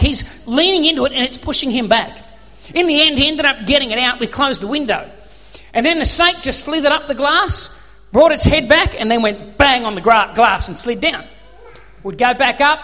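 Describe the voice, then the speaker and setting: Male pastor, high pitched, lively storyteller preaching in a reverberant hall. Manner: animated storyteller, acts out voices and screams. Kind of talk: sermon with storytelling.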